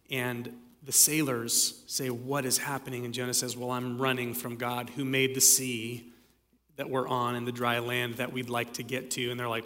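A man's voice: medium pitch, sharp tone. Man preaching a casual sermon in a reverberant hall. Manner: conversational storytelling with many fillers. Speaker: pastor. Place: church sanctuary.

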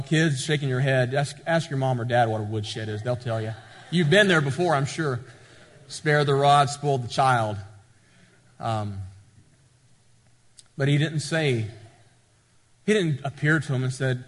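A man's voice: mid-range voice, long reverb tail. A male pastor, preaching a sermon with rising emphasis and frequent repetition.

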